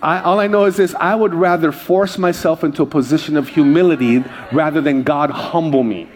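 A man pastor preaching a conversational sermon and joking with the congregation. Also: sits high.

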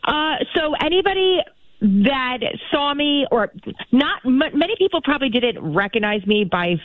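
A female radio producer telling stories on air. Her pitch swings widely and she laughs often, and the sound is tinny, dry and phone-like. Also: moderate pace, no echo. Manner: lively, laughing, playful. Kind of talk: casual on-air banter.

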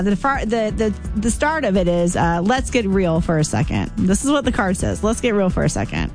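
A woman's voice: medium pitch, a little mellow. A woman hosting a morning radio show in a studio, talking in a chatty, effusive way with plenty of ums and some playful teasing. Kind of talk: casual on-air chat.

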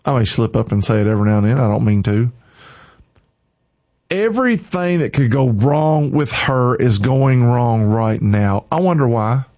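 A man's voice: mid-range voice, lively intonation, normal speed, a little mellow. A man preaching an informal sermon with fervent, punchy, repeated exhortations. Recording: slightly dull lo-fi recording.

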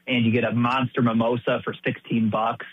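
A man's voice: mid-range voice, little pitch movement, moderate pace. A man calling into a sports radio show, chatting in a laid-back, joking way. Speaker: caller. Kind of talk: casual call-in chat. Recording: tinny phone line.

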